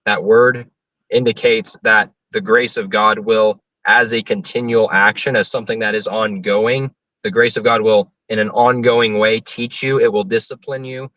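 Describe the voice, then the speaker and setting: An earnest young man explains scripture at length, backing up and restarting as he thinks. His voice is bright and forceful, set somewhat low. It sounds dry and a little distant from the mic. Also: fairly even intonation, normal speed, no echo. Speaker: interview guest, open-air preacher. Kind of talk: explanatory interview answers on theology.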